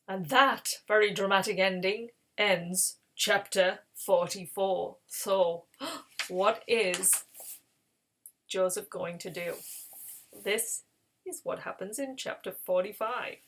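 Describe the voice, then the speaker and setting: A woman casually retelling a Bible story in her own words, animated and acting out the characters as she goes. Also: mid-range voice, slow. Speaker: Bible reading series host.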